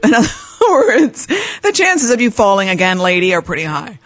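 A woman podcast host telling a personal story in an animated way, acting out the voices of the people in it and laughing often. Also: on the high side, fast talker, dry recording. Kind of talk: storytelling monologue.

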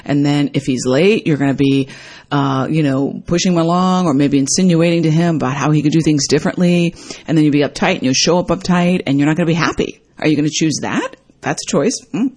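A woman telling a personal story in a casual, reflective way, acting out what people said with sudden jumps in her voice. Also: slightly rough. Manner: animated, acts out quoted dialogue with big pitch jumps.

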